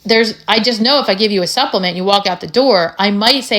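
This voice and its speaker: A woman with an American accent hosting a health podcast, talking in an animated, emphatic way and asking lots of rhetorical questions. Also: mid-range voice, a little fast, hardly any pauses. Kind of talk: casual solo podcast talk.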